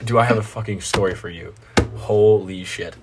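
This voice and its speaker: A young American man telling a story in casual podcast chat, animated and swearing freely, jumping into voices of the people in it. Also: on the low side, moderate pace, background noise. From United States. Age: young adult. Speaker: guest.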